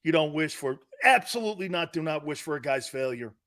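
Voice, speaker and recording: A brash man hosting a sports talk show, rambling from one story to the next and laughing at his own jokes. His voice sits a little high for a man and rings bright and forceful as he breaks into loud bursts. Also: expressive, a little fast.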